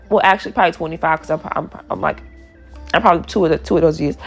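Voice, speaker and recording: This is a casual solo podcast from a twenties-aged female host who laughs and riffs in a chatty, playful way. She speaks quickly at a medium pitch, her voice gravelly and husky, over soft background music.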